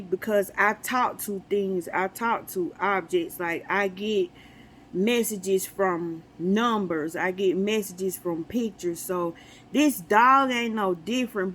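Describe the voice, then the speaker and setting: Animated storytelling woman, faint hiss. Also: mid-range voice, low-quality recording. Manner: animated storytelling, acts out dialogue, laughs often. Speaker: spiritual vlogger. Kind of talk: casual spiritual talk to viewers.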